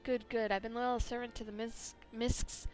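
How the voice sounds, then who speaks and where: Woman reading as a haughty servant, prickly, formal, higher voice, faint music. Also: flat delivery, normal speed, a little mellow, close to an everyday voice. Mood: indignant. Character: haughty, indignant household servant.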